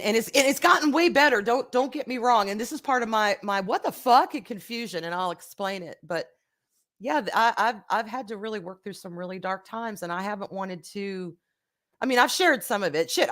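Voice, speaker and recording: A woman talking casually on her own live stream. She is candid and rambling, swears freely, and swings between soft, quiet stretches and loud bursts as she reads viewer comments aloud. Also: medium pitch. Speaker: livestream host.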